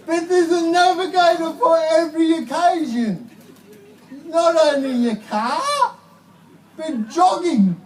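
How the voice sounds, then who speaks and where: An Australian man performing live stand-up comedy at an outdoor concert, with slow, deliberate delivery that breaks into shouted punchlines. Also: very high-pitched, animated. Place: outdoor protest concert stage. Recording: distant live concert mic with crowd laughter.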